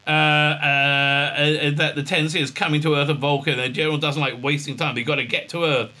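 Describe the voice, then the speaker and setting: A man ranting through a show recap, sarcastic and exasperated, stumbling over filler sounds. His voice sits a bit high and sounds intensely bright and sharp. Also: level tone, fairly quick. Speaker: show reviewer.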